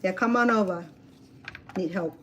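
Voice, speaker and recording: A woman chatting casually while cooking at a home grill outdoors, telling stories in an animated way with many fillers. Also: fairly low pitch, moderate pace, dull audio, noisy background. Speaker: cooking vlogger.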